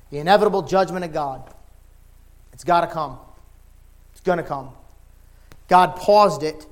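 A middle-aged male preacher with a high voice delivers a sermon in plain, folksy language. He drops low and quiet, then climbs into impassioned shouting. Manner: folksy, informal phrasing.

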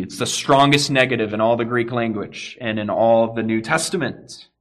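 A man preaching a sermon to his congregation, earnest, swelling at key points and dropping to a quiet, low emphasis. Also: normal speed, few pauses. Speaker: pastor.

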